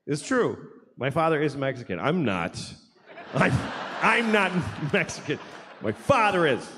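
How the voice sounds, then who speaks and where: A man's voice: on the high side, sing-song, moderate pace, fairly bright tone. A man doing a stand-up comedy set, rambling and sardonic, self-deprecating, with frequent restarts. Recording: live hall with audience noise.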